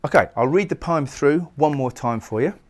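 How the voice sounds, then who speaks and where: A man lecturing on a poem, explaining it thoughtfully and sometimes pausing to restart a phrase. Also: fairly high pitch. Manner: reads verse lines slowly and solemnly. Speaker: poetry lecturer. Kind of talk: recorded lecture analysing a poem.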